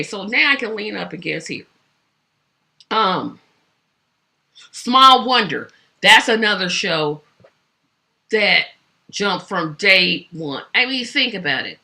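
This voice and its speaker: Her back aching, the host keeps shifting in her seat as she rambles alone about old TV shows, full of fillers and restarts. She has a mid-range voice that is creaky and bright, with a forceful tone.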